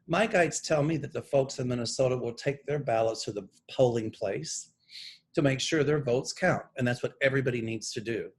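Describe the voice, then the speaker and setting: A man's voice: medium pitch, breathy edge. A man working as a psychic, speaking straight to camera and reading channeled messages from his notes in an earnest, emphatic way. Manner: deliberate, pointed, emphatic political commentary. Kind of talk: earnest monologue read from notes.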